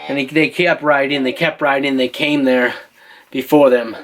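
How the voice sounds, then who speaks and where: A man's voice: medium pitch, steady tone, normal speed, fairly bright tone, poor audio. A father telling an improvised choose-your-path story, playful and teasing, asking his listeners for choices.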